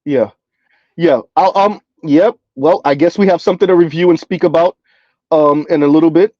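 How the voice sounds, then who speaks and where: Chatty man streaming, slightly high voice. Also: moderate pace, no echo, highs cut off. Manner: rambling, conversational, frequent "right?" and "like". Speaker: commentary streamer reading chat. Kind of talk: casual live-stream commentary.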